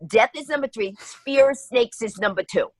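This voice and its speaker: A woman's voice: on the high side, moderate pace, no room sound, rough recording. A woman from New York telling stories as a radio interview guest, acting out the voices of people in them. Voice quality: lively, acts out voices in her stories. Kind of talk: animated storytelling in a radio interview.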